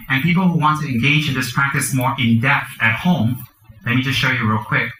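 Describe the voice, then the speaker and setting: A man leads a dharma teaching, chanting mantras and walking the group through the practice with the odd joke. His voice is bright and forceful, and it rings in an echoey room with faint ambience behind it. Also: medium pitch, fairly even intonation, fairly quick, slight background noise. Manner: chants mantras and gives practical instructions, joking asides. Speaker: Buddhist teacher.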